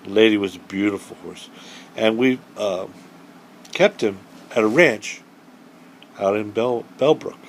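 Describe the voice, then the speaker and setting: A middle-aged man telling a true story to children in a lively, folksy way. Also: fairly low pitch, slight background noise. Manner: animated, folksy, acts out the voices of the people in his story.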